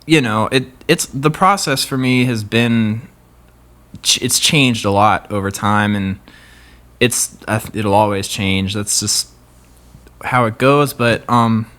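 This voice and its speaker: A man's voice: lowish voice, takes it slowly, a bit bright. A young man, a guest guitarist, talking in a laid-back, rambling way with many fillers. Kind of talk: casual chat.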